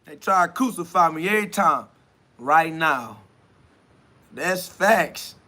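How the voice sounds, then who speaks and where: High, bright man preaching casually. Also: expressive, slow. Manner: emphatic, street slang mixed with preaching. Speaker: podcast host. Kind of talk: casual preaching monologue streamed live.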